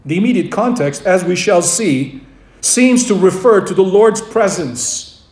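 A man's voice: high voice, animated, unhurried, darkish tone. A man preaching a sermon, emphatic and repeating his key phrases, with a story told along the way. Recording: roomy echo.

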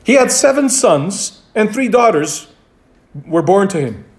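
A man with a fairly high voice delivers a very animated sermon, leaning on key words and repeating them for emphasis. Like a pastor guiding his congregation step by step, his delivery stays measured and deliberate.

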